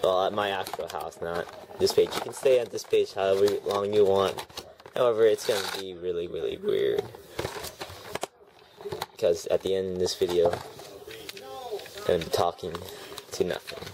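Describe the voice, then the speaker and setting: Grumbling about the packaging, a man gives sarcastic, meandering unboxing commentary as a toy reviewer in his home. He has a deep voice at normal speed and pauses often, while a TV and a snoring dog create a noisy background.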